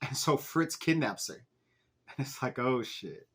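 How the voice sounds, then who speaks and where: A young man hosting a fan podcast, walking through an episode in relaxed, chatty talk. He keeps breaking into laughter and exasperated swearing at the characters, and his voice sits at an ordinary middle pitch. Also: measured pace, husky. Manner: animated, swearing, laughing at the plot. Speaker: podcast host recapping an episode. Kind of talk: casual recap chat.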